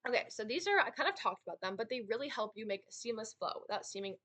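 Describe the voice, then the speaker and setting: A woman's voice: on the high side, big pitch swings, quick pace, a bit bright. A young woman giving a casual lesson on dramatic interpretation, chatty and full of fillers, often asking "right?". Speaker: speech and debate student teaching.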